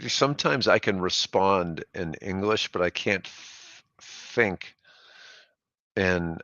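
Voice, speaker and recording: A man born in Germany hosting a casual chat show, loose and chatty and quick to laugh. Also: sits low, animated, bright, forceful tone, dry recording, dull audio. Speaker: show host.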